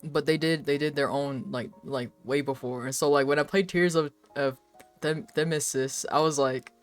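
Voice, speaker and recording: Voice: medium pitch, fairly even intonation, moderate pace, faint music behind. A young adult live streamer chatting casually while drawing, rambling with lots of filler words, frequent laughs and swearing.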